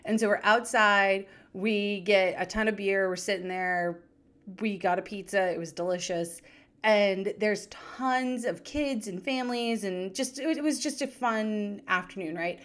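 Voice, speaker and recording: Brief: woman in her 30s, podcast host, chatty animated storyteller, mid-pitched voice. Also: a little slow. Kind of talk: casual storytelling chat.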